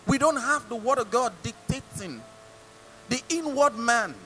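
A man's voice: very high-pitched, animated, unhurried, sharp tone, a little hiss or hum, poor audio. A male pastor with a Nigerian English accent preaching a sermon, mimicking people and asking the congregation rhetorical questions.

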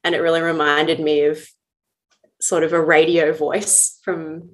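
A woman co-hosts a podcast in casual, thoughtful chat. Her voice sits a little low. She talks in a loose, reflective way with many fillers. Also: flat delivery, unhurried. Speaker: podcast co-host.

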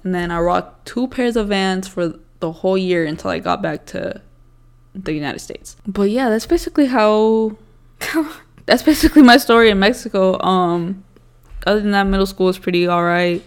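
A young woman co-hosting a podcast at home, talking loosely with plenty of filler words and swearing. Her voice sits in an ordinary middle pitch. She argues her point casually and plainly. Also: normal speed, clean tone. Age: young adult. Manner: casual, heavy swearing, says "like" a lot. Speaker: podcast co-host. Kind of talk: casual chat.

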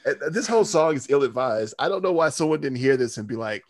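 A man's voice: mid-range voice, expressive, fast, no room sound, studio quality. A man co-hosting a podcast in casual chat, ranting animatedly with plenty of profanity and frequent laughter. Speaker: podcast co-host.

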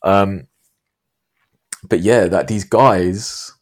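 A man hosting a podcast, telling a long story in a rambling, animated way. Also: sits low, drawn-out words. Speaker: podcast host. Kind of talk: casual podcast chat.

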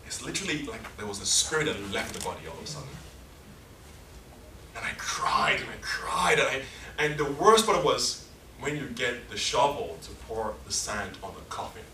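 A man's voice: mid-range voice, sing-song, moderate pace, bright, forceful tone, echoey room, distant mic, slight background noise. A man preaching a passionate sermon, acting out scenes in different voices. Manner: impassioned, acts out scenes in many voices.

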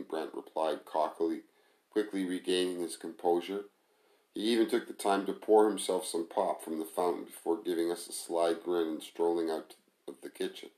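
A man calmly reading a first-person story aloud as narrator, in an echoey room. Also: low-pitched, normal speed. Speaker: audiobook narrator.

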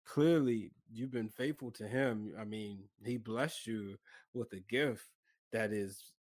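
A man's voice: on the low side, slow, a little mellow, no echo. A man hosting a casual interview who asks questions and encourages his guest in an easygoing way. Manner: easygoing, encouraging, laughs along. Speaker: podcast host.

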